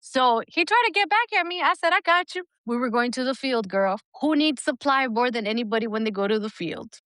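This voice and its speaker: A woman's voice: fairly high pitch, lively intonation, brisk, fairly bright tone, smooth, dry recording, clean studio sound. Blunt, profane woman spinning a story. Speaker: podcast co-host, Army veteran. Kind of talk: candid casual storytelling.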